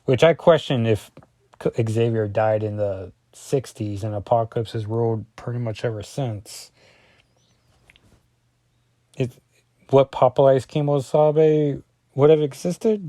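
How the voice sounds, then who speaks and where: A man's voice: mid-range voice, a little slow, warm tone, no room sound. A man casually reviewing a comic book page by page, rambling and often correcting himself with lots of ums.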